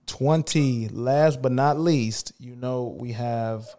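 A man hosting a podcast in casual chat, laid-back and slangy, turning animated when he reads aloud. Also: medium pitch, slow. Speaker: podcast host.

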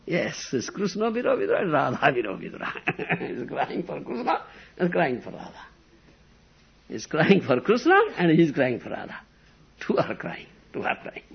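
A man delivers a devotional lecture in a gravelly, husky voice that swings widely in pitch. He pauses often to check that his listeners follow. The recording is dull and lo-fi, like an old lecture tape. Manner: acts out quoted crying laments in high shouts, then explains; asks "huh?" and "do you follow?" to the listeners. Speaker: spiritual teacher.

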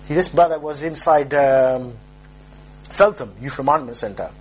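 A man's voice: mid-range voice, a little slow, a little hiss or hum. A young man giving an informal religious talk, telling jokey street stories and mimicking the people in them. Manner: joking, streetwise storytelling with mock voices. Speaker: preacher.

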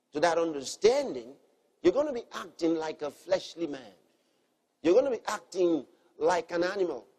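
A man gives a sermon, earnestly teaching and repeating core phrases while moving between quiet, soft lines and emphatic ones. His high-pitched voice has a breathy edge.

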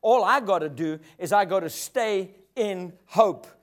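Male preacher, high-pitched, emphatic and rhythmic sermon style. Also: unhurried. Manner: emphatic, call-and-response preaching.

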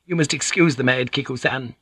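A man's voice: medium pitch, brisk, a bit bright, slightly rough, no room sound, clean studio sound, voice pushed up. A man voicing a sour, complaining old woman who grumbles impatiently. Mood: grumbling.

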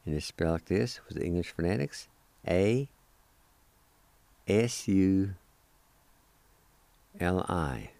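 A man hosts a radio language lesson, spelling and pronouncing words with patient repetition. His voice sits very low and mellow, and he talks slowly. The recording is dry and close. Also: expressive, vocal fry, no room sound. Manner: patient, repeats each word several times.

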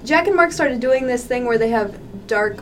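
A woman podcast host in casual chat, reading fan fiction aloud in an animated way and putting on voices for it. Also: fairly high pitch, moderate pace. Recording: distant mic with faint noise.

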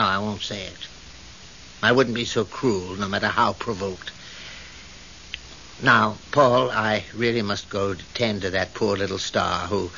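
Whiny dramatic guy, super slow and bright, hissy old radio. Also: fairly low pitch, muffled recording, full character voice. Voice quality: melodramatic. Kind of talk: 1970s radio drama acting.

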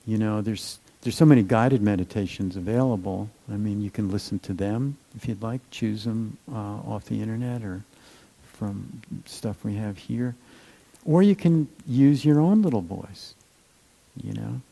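A man giving a gentle, unhurried meditation talk, with many fillers and trailing phrases. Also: fairly low pitch, vocal fry, poor audio. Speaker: meditation teacher.

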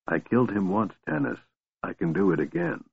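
A man reading a storybook aloud, voicing a cold, cruel male sorcerer who speaks softly and menacingly. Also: on the low side, sing-song, fairly quick, gravelly, husky, no room sound, heavily acted. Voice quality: soft, hushed, menacing. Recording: tinny phone-like dry sound.

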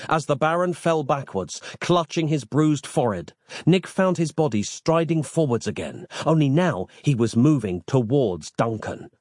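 A man reads a fantasy novel aloud with theatrical flair, his voice rising and falling in a lively way. The recording is close and dry, with no room sound. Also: fairly high pitch, moderate pace, no echo. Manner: expressive, theatrical storytelling. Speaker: narrator. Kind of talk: scripted audiobook narration.

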